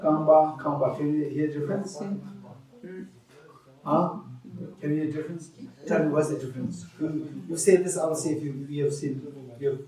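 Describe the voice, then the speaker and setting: A man's voice: fairly high pitch, fairly quick, pauses often, warm tone, recorded from a distance. Man teaching in an echoey hall. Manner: questioning, repeats himself, laughs with students. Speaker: Buddhist teacher. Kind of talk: dharma teaching with questions to students.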